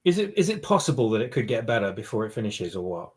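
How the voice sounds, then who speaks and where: Male panelist, fast talker, dry asides. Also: on the low side, big pitch swings. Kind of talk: casual podcast chat.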